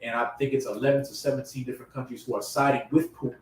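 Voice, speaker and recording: A man preaching a sermon in casual slang, growing impassioned and loud at his emphatic peaks. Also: mid-range voice, steady tone, racing. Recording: echoey room from far off.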